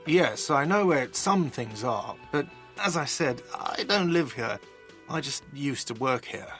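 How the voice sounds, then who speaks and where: A petulant cafe manager, defensive and whiny, faint music. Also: male voice, mid-range voice, lively intonation, unhurried, fairly bright tone.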